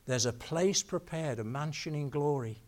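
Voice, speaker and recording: A man preaching a sermon, telling stories and slowing down to stress key words. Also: a little high.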